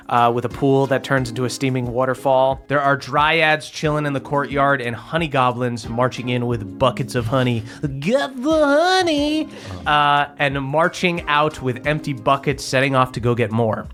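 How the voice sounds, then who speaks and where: A man's voice: mid-range voice, normal speed, soft background music. Man narrating a comic tabletop game. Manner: relaxed, jokey narration with "uh" fillers. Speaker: game master and podcast host.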